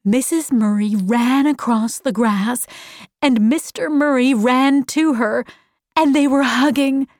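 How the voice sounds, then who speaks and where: A woman narrating a graded reader audiobook slowly and clearly. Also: high-pitched, darkish tone, no echo, clean studio sound. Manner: slow, clearly enunciated.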